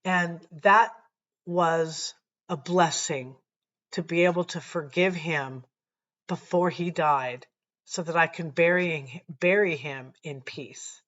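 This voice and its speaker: A woman sharing a personal faith testimony to camera, earnest and reflective, often pausing and restarting her sentences. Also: lowish voice, a bit bright, highs cut off.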